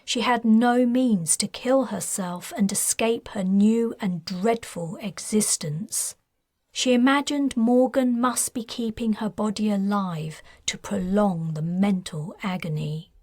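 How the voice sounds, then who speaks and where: Woman author-narrator, measured audiobook read, slow, dry studio sound. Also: mid-range voice, dry recording. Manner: measured, even reading.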